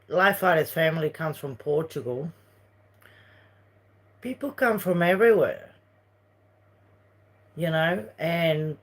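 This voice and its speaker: Slow-talking Uruguayan woman. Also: sits low. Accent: Uruguayan Spanish. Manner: rambling, chatty, jumps between topics. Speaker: livestream host. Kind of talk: casual livestream chat reading viewer messages.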